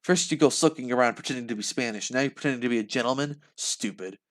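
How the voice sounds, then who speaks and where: A man's voice: mid-range voice, quick pace, lightly acted. A man reading a novel aloud and voicing a brave young girl fighter who speaks defiantly and cuttingly. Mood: mocking.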